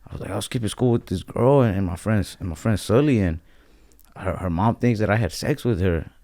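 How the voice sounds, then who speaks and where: A man with a deep voice hosting a podcast, telling rambling stories in casual chat and acting out other people's voices along the way. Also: brisk, gravelly, mellow, no echo, studio quality. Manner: rambling storyteller, acts out voices in anecdotes. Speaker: podcast host.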